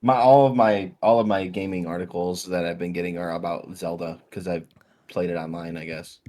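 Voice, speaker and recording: A sleepy man in his thirties, co-hosting a casual podcast. His voice sits a little low, and he talks in a laid-back way with a dry sense of humor. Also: steady tone, fairly quick, mellow. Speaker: podcast co-host. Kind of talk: casual chat.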